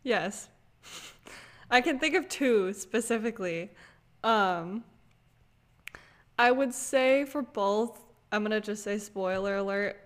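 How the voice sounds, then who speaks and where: Young female podcast co-host, casual book chat, slow unhurried delivery, relaxed and filler-heavy. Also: mid-range voice. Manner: unhurried, many fillers, laughs easily.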